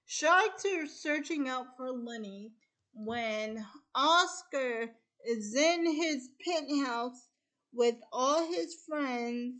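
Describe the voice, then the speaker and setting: A high-pitched woman who hosts a casual chat and retells a film's plot at an unhurried pace. She strings each event onto the last with "and then," and often circles back to restart a thought. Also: fairly bright tone. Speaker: host.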